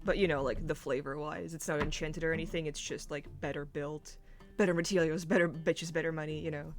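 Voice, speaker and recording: Low-voiced woman player over music. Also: fairly even intonation, brisk. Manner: loose, slangy explanations. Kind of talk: casual tabletop game chat.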